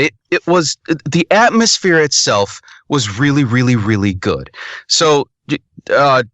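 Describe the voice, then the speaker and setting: A man's voice: mid-range voice, animated, a little slow, a bit bright, no room sound. A man co-hosting a podcast, reviewing a game in rambling, casual, sometimes profane talk with lots of restarts.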